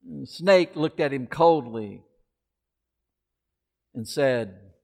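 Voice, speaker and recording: A man preaching a sermon in a conversational way, with asides and quick self-corrections. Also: mid-range voice, expressive, vocal fry, darkish tone, in a large hall.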